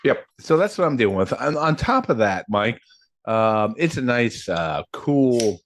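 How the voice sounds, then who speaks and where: Animated, expressive male podcast co-host. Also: mid-range voice, a little slow, no echo. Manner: animated storyteller, acts out quotes, laughs often. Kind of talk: casual podcast chat.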